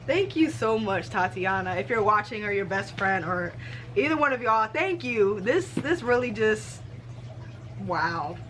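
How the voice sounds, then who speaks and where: A woman in her twenties vlogging casually, excited and gushing, laughing often and using casual slang. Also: mid-range voice, a little slow, slight background noise. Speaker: book vlogger. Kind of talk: casual vlog.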